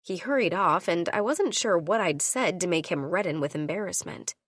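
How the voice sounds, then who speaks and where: A woman reading a first-person audiobook, voicing each character with her own shifts in pitch. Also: expressive, normal speed, no room sound, studio quality. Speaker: audiobook narrator.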